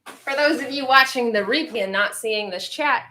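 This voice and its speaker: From Central Virginia in the United States, a woman hosts a livestream from home, chatting casually and musingly with live viewers and reading their comments aloud. Her voice is a little high and sharp, at a normal speed.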